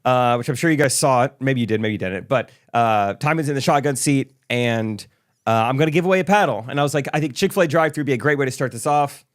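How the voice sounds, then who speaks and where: A man's voice: mid-range voice, quick pace. A man co-hosting a casual podcast, laughing often and acting out the people in his stories. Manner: laughs often, animated with quoted voices. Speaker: podcast co-host. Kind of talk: casual chat.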